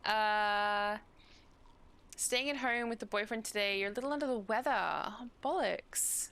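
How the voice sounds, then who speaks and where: A woman's voice: medium pitch, a little slow, fairly bright tone. A young woman streaming a video game live, chatting to her viewers and reacting aloud as she plays. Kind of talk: live gameplay commentary. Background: game music.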